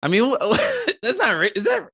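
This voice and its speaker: A man telling a story as a podcast co-host, animated and rambling with lots of fillers and swearing. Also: very high-pitched, moderate pace, gravelly, crowd noise. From Eritrea. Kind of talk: casual storytelling chat.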